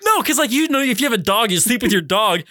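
A man's voice: very high voice, very animated, fast talker, bright, forceful tone, slight background noise. A man co-hosting a podcast in casual chat, playfully spinning silly what-if scenarios. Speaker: podcast co-host.

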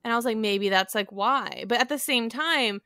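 Young woman rambling through a story with lots of "like", bright voice, dry close sound. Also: a little high, moderate pace, clear, resonant tone, no echo. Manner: chatty storyteller, fillers "like", animated retelling. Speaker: podcast co-host. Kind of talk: casual chat.

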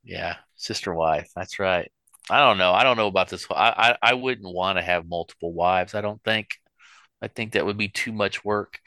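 A middle-aged man with a low, bright, forceful voice rambles through stories in a casual chat, full of restarts. The sound is close and dry. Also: moderate pace, no echo. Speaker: podcast co-host.

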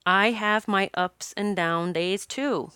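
A woman's voice: mid-range voice, slow pace, pushed and bright, clean tone, dry recording, clean studio sound. A woman talking to camera in a casual, confessional way, rambling and laughing as she goes. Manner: chatty, laughs often, rambling restarts. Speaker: spiritual vlogger.

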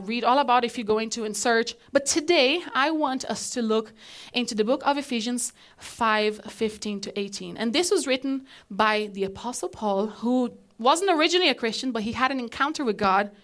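A woman pastor giving a conversational, animated sermon to a live congregation in a church, asking them questions as she goes. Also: on the high side.

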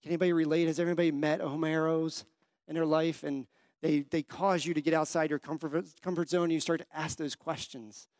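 A man's voice: a little high, fairly even intonation, fairly quick, darkish tone, no echo, studio quality. A young adult man preaching a sermon, telling personal stories and asking the congregation questions. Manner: conversational storytelling, asks the congregation questions. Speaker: pastor.

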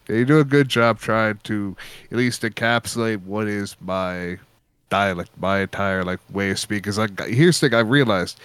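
Smooth low-voiced man, easygoing. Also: moderate pace, no echo. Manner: relaxed, rambling and earnest. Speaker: regular chat guest. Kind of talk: casual chat.

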